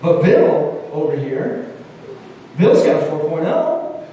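A man's voice: a little high, very animated, slow, warm tone, a little hiss or hum. A preacher playing an older male seminary professor who keeps coaxing a student with teasing questions. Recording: echoey hall from far off.

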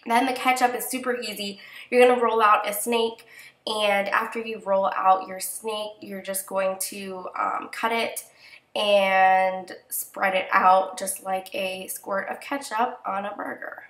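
A young woman with a nasal, congested voice from a cold gives chatty, relaxed step-by-step crafting instructions in a casual voice-over. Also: mid-range voice, unhurried, roomy sound. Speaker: crafting tutorial host.

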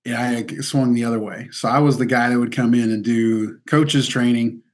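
A man's voice: medium pitch, steady tone, moderate pace, darkish tone. A man from Missouri, chatting as an interview guest, laughing often and peppering his talk with "dude" and "like.". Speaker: guest athlete. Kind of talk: casual interview storytelling.

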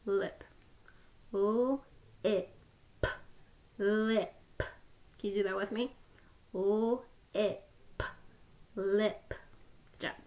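A woman's voice: mid-range voice, darkish tone. A young woman teaching a phonics lesson to young children, with an encouraging sing-song manner.

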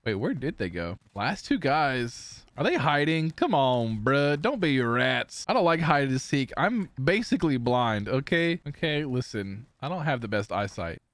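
A young man streaming a shooter game, giving live gameplay commentary with playful taunts and sudden excited yells. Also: mid-range voice, unhurried, hardly any pauses, no room sound. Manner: excitable, taunting banter with bursts of yelling. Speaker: gaming streamer.

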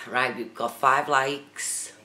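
This host's mid-range voice is bright and forceful as they casually chat on a phone live stream, speaking to viewers in the chat by name. Recorded via the phone camera, the audio feels roomy with faint background noise.

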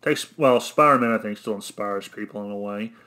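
Young arkansan guy ranting solo, flat monotone, blunt, keeps correcting himself. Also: lowish voice, brisk. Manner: rambling, self-correcting, blunt and cynical. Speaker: vlogger. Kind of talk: rambling solo rant.

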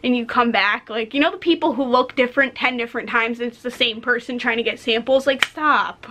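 A young woman in her twenties, co-hosting a podcast, rants bluntly in a slightly high, brisk voice. She swears plenty and tells her story in an animated, casual way.

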